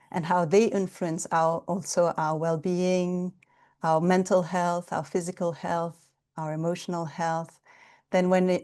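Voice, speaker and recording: Slow, mellow-voiced woman guiding qigong. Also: lowish voice, clean tone. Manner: gentle, calm, with hesitant fillers. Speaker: Chinese medicine therapist and qigong instructor. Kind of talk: online qigong class, guided instruction. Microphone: video call.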